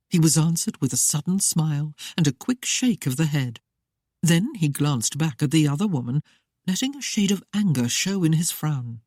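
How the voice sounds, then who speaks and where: An audiobook narrator reading a historical romance in a steady, even storytelling manner. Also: medium pitch, normal speed, husky, no room sound, studio quality. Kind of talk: scripted narration.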